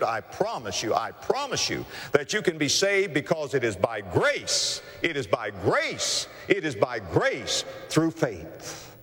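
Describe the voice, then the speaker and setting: Impassioned preacher in a reverberant hall. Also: male voice, a little high, fairly bright tone. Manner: impassioned, preacherly, acts out characters in a story. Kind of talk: evangelistic sermon with storytelling.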